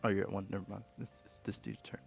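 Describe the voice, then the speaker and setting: A young man acts as game master, walking players through rules in a low, gravelly voice. His delivery stays flat and even, with casual fillers. Faint music plays underneath. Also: quick pace. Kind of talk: running a tabletop game online.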